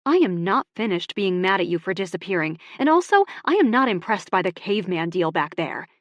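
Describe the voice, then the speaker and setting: A woman narrator voicing an upset young woman, with lines pitched high and spoken emphatically. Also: big pitch swings, a little fast, no echo, dull audio, natural voice. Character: young woman, upset and hurt, quick-tempered.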